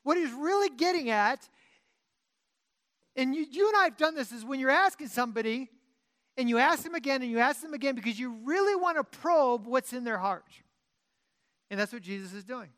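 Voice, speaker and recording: A pastor delivering a sermon as an informal teaching talk. The voice swings from loud, pressing emphasis down to quiet, low-key asides. Sentences often restart and get corrected mid-thought. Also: expressive, a little fast, pauses often.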